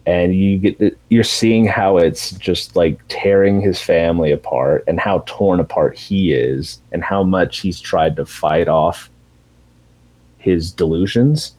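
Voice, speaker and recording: A man's voice: low voice, slow pace, poor audio. A man in casual chat, animatedly retelling a TV show's ending and swearing freely. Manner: animated storytelling with profanity, acting out characters in raised voices.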